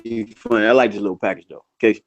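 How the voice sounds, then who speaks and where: A man's voice: fairly low pitch, fairly even intonation, rapid-fire, muffled recording. Laid-back slangy man co-hosting. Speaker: podcast co-host. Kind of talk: casual wrestling review chat.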